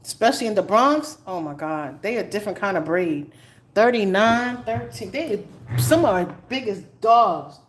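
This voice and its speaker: Animated New woman telling stories. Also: mid-range voice, normal speed, background noise. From New York. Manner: animated storyteller, laughs often, dramatic asides. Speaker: tarot reader. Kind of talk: casual live-stream chat.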